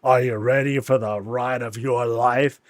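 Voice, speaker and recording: A man's voice: mid-range voice, fairly even intonation, a little slow, dry recording, close to an everyday voice. A man voicing a creepy, grinning male gnome who runs a deadly ride, cheerful and sinister at once. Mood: menacing glee.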